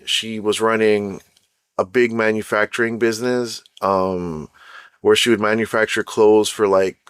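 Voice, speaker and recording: A man's voice: on the low side, fairly bright tone, smooth, no echo, clean studio sound. A young man from Canada with a Canadian accent, hosting his own show and telling a personal story in a loose, chatty way, often checking in with "right?". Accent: Canadian English. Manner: chatty, keeps asking "right?"; laughs at his own jokes. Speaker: podcast host. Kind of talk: casual storytelling monologue.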